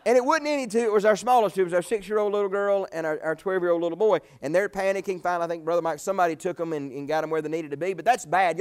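A quick-talking man in his forties preaching from the pulpit. His voice sits a bit high, and he tells homey stories that rise to loud bursts and drop to near-hushed asides. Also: smooth. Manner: folksy storytelling, swinging from loud exclamations to quiet asides. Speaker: pastor. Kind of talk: sermon.

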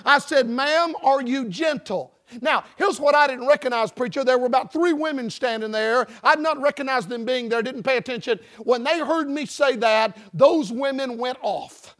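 High-voiced folksy preacher. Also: male voice, moderate pace, hardly any pauses. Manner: folksy, joking, building to shouted emphasis. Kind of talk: sermon with storytelling. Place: church building before a congregation.

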